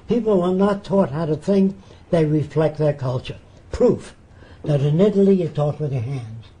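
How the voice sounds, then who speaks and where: Older man telling stories in a mellow voice. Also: a little high. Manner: animated storyteller acting out quoted voices. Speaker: interviewee, futurist. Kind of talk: anecdotal storytelling.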